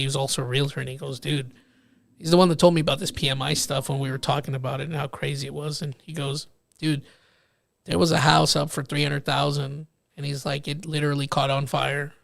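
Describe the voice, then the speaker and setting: Animated storytelling man with a gravelly voice. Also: fairly high pitch, dry recording. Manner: animated storyteller acting out quoted people. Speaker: podcast host. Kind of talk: casual podcast chat.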